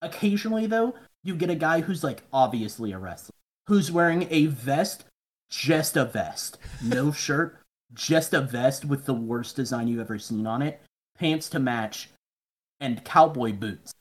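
A man spins long, meandering stories for a podcast, swearing freely along the way. When he quotes other people, he drops into flat, mumbled impressions of them. His voice sits at an ordinary middle pitch. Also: a little slow. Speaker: podcast guest. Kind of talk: casual storytelling chat.

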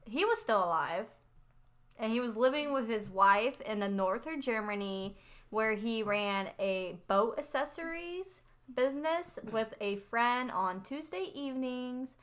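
A woman's voice: fairly high pitch, lively intonation, unhurried, a bit bright. A woman co-hosting a casual true-crime podcast, reading out case details with tentative asides. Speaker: podcast co-host.

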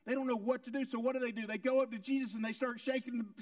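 High-voiced man preaching a sermon, emphatic. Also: steady tone, quick pace, hardly any pauses, no room sound, studio quality, recorded from a distance. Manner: emphatic preaching with rhetorical questions and repetition; swings between loud high lines and quiet low ones. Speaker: pastor.

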